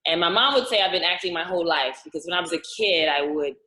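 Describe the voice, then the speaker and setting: Lively woman with a lowish voice, echoey room. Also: quick pace. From Louisiana, USA. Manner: animated, laughs often, acts out quotes. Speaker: actress, interview guest. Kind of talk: casual interview chat.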